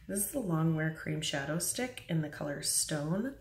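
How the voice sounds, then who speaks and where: Chatty and self-deprecating, a young makeup vlogger walks through an early-morning tutorial at her bathroom or bedroom mirror, sometimes dropping to a soft voice. She sits low with lively intonation and a moderate pace. The recording is echoey and distant, with a little hiss or hum.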